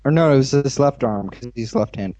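A man co-hosting a casual podcast chat over a call, jokey and quick to blurt out asides. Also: medium pitch, lively intonation, dark tone, lo-fi sound. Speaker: podcast co-host.

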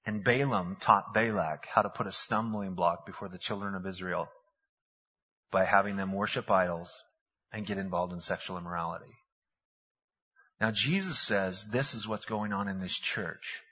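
A male pastor preaches in a folksy storytelling way and drops slang asides. His voice is bright and husky, and the recording is dull and lo-fi, with a long reverb from a hall. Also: on the low side. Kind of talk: sermon.

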